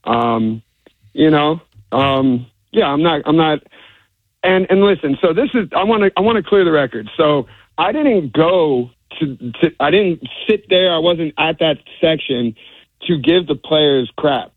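A hoarse man calling in to a sports radio show, rambling with many fillers and restarts. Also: on the high side, animated, a little slow, dry recording. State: hoarse, lost voice. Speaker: radio caller. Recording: tinny phone line.

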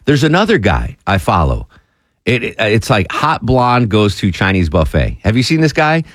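A man co-hosting a podcast, telling stories in a casual chat and jumping high in pitch when amused. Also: huge pitch swings, moderate pace, fairly bright tone, dry recording, clean studio sound. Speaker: podcast co-host.

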